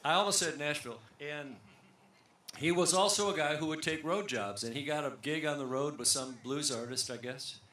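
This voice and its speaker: A man's voice: on the high side, moderate pace, pushed and bright. A man leading a band on an outdoor amphitheater stage, chatting between songs in a joking, rambling, self-deprecating way into a stage mic. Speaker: bandleader and singer. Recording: roomy live concert sound with faint music.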